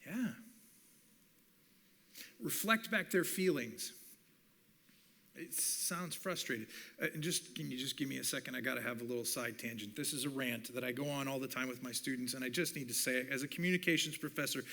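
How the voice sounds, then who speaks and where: Bright-voiced man teaching at church. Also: mid-range voice, normal speed. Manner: animated, acts out quoted dialogue. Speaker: communications professor.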